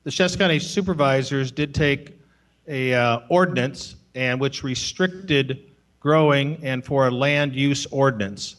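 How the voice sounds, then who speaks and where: A man answering a question at a town hall meeting, measured and factual. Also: medium pitch, fairly bright tone. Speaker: law enforcement official answering questions.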